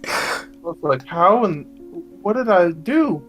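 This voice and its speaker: Relaxed guy chatting, riffs on his friend's story, voices the kids, pitch jumps around, quiet guitar music underneath. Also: slow pace. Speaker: podcast co-host. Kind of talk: casual chat.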